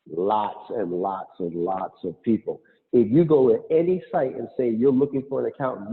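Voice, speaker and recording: A man giving a lively motivational talk as a guest speaker on an online call, acting out quotes as he goes. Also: medium pitch. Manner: animated, acts out quotes, laughs. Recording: tinny phone-like call audio.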